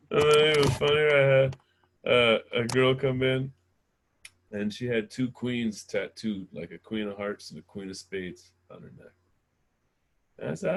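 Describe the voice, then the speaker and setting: A man's voice: on the low side, moderate pace. Brash, profane male stand-up comic. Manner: brash, profane, laughs at his own jokes. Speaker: stand-up comedian. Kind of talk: stand-up comedy set.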